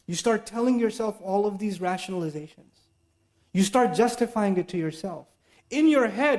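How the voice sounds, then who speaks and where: A man with a high, light voice delivers a sermon. He talks to the audience casually, acts out the excuses people tell themselves, and recites verses quickly in Arabic. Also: animated, darkish tone. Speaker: preacher.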